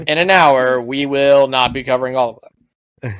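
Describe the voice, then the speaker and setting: A man's voice: medium pitch, steady tone, moderate pace, fairly bright tone, clean tone. A man co-hosting a paranormal podcast in casual chat, swearing and joking as he recaps episodes. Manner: profane, joking, acts out silly voices. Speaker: podcast co-host.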